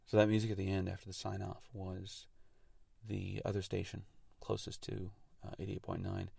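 Gravelly low-voiced male radio host. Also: flat delivery, normal speed, mellow, no room sound, clean studio sound. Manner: earnest, thoughtful, explains technical detail plainly. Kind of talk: reflective on-air monologue.

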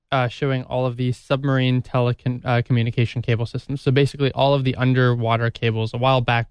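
A man co-hosting a radio show, explaining things in a halting way with many fillers. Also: medium pitch, smooth, no echo. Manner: hesitant, many fillers and restarts. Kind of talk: casual radio chat.

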